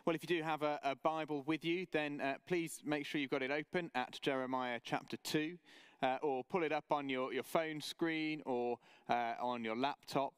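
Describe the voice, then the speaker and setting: Smooth-voiced preacher. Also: male voice, fairly high pitch, fairly even intonation, no echo. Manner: measured, earnest, with story-telling asides. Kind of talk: sermon. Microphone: camera mic, online service.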